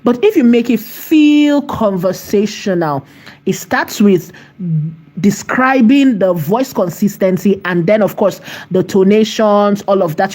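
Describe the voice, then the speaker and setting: A woman hosting a screen-share tutorial, chatty and emphatic, often repeating phrases and checking in with "right?", slowing down to dictate as she types. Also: medium pitch, a little mellow. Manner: slows to dictate while typing. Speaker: AI tutorial host.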